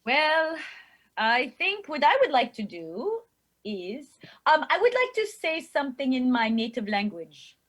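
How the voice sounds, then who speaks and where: A woman voicing a flustered French exchange student in a tabletop game, with a French accent, speaking halting, broken English and stumbling into French phrases. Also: high voice, big pitch swings, a bit bright, exaggerated voice.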